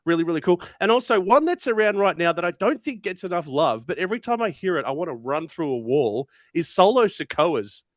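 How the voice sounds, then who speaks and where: A man's voice: sits high, big pitch swings, fairly quick, hardly any pauses, no room sound, clean studio sound. A man with an Australian accent, a guest on a podcast, telling stories and chatting with enthusiasm. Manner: chatty, tells anecdotes with enthusiasm. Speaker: wrestling commentator, podcast guest. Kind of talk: casual podcast chat.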